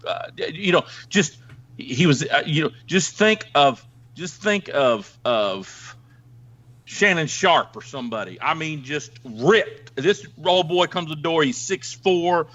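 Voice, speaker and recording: A middle-aged man from the Ozarks telling a crude police story on a podcast in a rambling, animated way. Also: a little high, slow, lo-fi sound. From Ozarks, United States. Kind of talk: casual storytelling chat.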